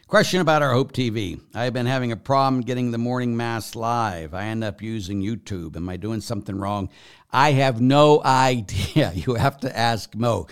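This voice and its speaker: A man, a priest, answering viewer questions, who moves from quiet conversational reading to loud, emphatic preaching with repeated phrases. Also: on the low side, smooth. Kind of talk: live Q&A, reading and answering messages.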